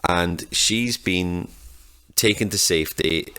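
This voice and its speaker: A man's voice: deep voice, slow pace, sharp tone, smooth. A man co-hosting a film podcast, recapping the plot in a rambling, jokey way. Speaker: podcast co-host. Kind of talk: casual film review chat.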